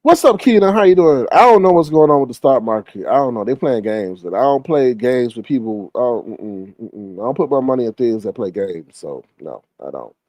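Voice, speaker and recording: A man's voice: mid-range voice, expressive, normal speed, hardly any pauses, a little mellow, dry recording. A man hosting a livestream, chatting casually and gossiping in a sassy way while reading the chat. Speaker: livestream host.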